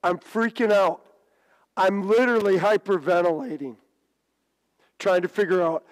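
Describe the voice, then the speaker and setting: A middle-aged man preaching a sermon, telling a story with stammers and restarts and big swings in pitch. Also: moderate pace, pauses often. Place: church sanctuary. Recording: church hall reverb.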